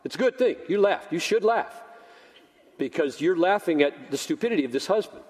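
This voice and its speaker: A man's voice: sits high, animated, a little fast, a little mellow, slightly rough, long reverb tail. An older man preaching a sermon as pastor, telling a story animatedly and acting out both sides of the dialogue. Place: church sanctuary.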